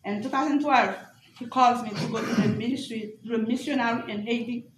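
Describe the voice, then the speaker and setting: A woman pastor giving an animated spoken testimony at a graduation service, acting out the dialogue as she tells it. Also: on the high side, brisk, roomy sound, a little hiss or hum, rough recording.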